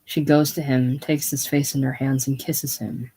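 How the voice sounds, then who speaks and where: A reader calmly reading stage directions aloud in a casual play reading. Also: medium pitch, normal speed, breathy edge, poor audio.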